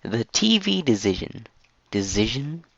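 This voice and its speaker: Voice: mid-range voice, unhurried, gravelly, muffled recording, heavy background noise. A teenager hosting a student radio show, rambling and poking fun at their own mistakes. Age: teens. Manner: lively, rambling and self-mocking. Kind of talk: reading a script with bloopers.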